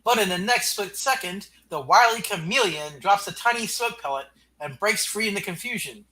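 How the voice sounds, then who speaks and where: A man reading the narration captions of a comic aloud, plain and steady. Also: high-pitched, moderate pace, poor audio.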